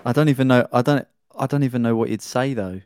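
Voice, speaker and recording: A man's voice: mid-range voice, fast, darkish tone, a little hiss or hum. An easygoing man co-hosting a casual comedy podcast, bantering and calling his friends mate. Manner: easygoing, says mate a lot. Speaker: podcast co-host.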